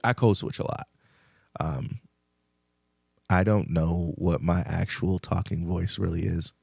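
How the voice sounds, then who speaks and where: A man's voice: sits low, fairly even intonation, unhurried, gravelly, a little mellow, breathy edge, no echo, clean studio sound. A man hosting a podcast, talking in a rambling, candid casual monologue and swearing freely. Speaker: podcast host.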